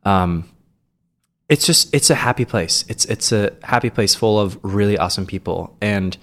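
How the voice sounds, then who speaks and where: A man's voice: fairly low pitch, moderate pace, fairly bright tone. A man who is a stage actor, talking as a podcast guest in casual chat, rambling with frequent restarts.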